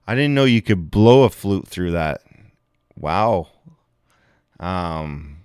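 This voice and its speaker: A deep-voiced man on a live stream, reacting to clips with crude, profanity-heavy chatter. The voice is close and dry. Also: lively intonation, slow, long pauses, a little mellow, smooth, no room sound. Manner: crude, heavy swearing, laughing. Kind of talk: reacting to videos, casual chat.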